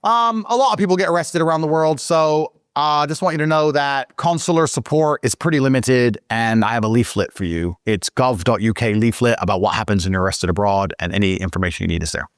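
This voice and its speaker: Bland bureaucratic official woman, polite and dismissive, as a man retells her, slightly higher pitch, dry sound. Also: brisk, hardly any pauses, no room sound, lightly acted. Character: polite, unhelpful female embassy official.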